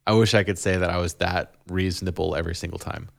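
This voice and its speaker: A man's voice: deep voice, steady tone, quick pace, creaky. A man in his thirties, a podcast co-host, talking casually about parenting, rambling with frequent laughs and restarts.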